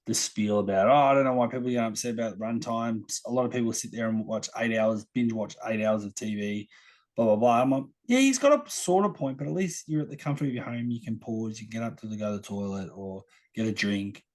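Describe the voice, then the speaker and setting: Relaxed male podcast co-host with a fairly low voice. He thinks aloud, pausing on ums and restarting his sentences as he goes. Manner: easygoing, hesitant, with many fillers. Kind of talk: casual podcast chat.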